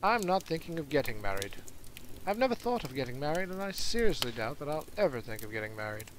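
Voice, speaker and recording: A man's voice: a little high, very animated, fast talker, a little hiss or hum, rough recording. A man voicing a stern, commanding aunt in an audiobook reading, with firm, clipped delivery. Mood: gentle.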